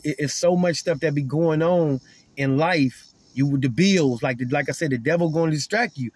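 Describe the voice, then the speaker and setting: Husky-voiced man teaching scripture earnestly. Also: a little high, darkish tone, dry recording. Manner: earnest, repetitive, stumbles and repeats words. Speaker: online preacher. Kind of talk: informal Bible teaching to camera.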